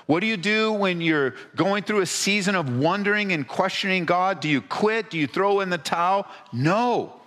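Lively conversational preacher in a big hall. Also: male voice, sits high, moderate pace, few pauses. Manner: conversational preaching with rhetorical questions and repeated words. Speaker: pastor. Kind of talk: sermon. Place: church hall before a congregation.

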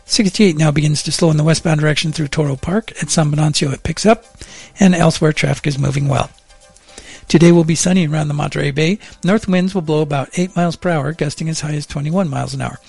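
After some chatty, wry back-and-forth with his co-host, a middle-aged morning radio man settles into a steady reading of traffic and weather at a studio mic. His voice is a little high, fast, and husky with vocal fry, with no echo and soft music in the background.

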